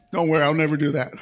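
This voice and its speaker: A male pastor preaching a sermon to a congregation, fervent and rousing, with frequent calls of amen and come on. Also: on the high side. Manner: fervent preaching with call-and-response, punctuated by shouted amens. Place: church service before a congregation.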